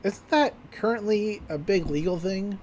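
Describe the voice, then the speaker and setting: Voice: medium pitch, unhurried, crowd noise. A podcast host recapping a cartoon episode in casual chat, laughing often and slipping into character voices.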